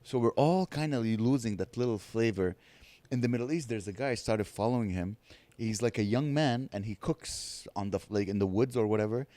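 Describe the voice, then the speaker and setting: A man hosting a podcast, chatting casually and eagerly, quick to laugh. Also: fairly low pitch, mellow, no room sound. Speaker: podcast host.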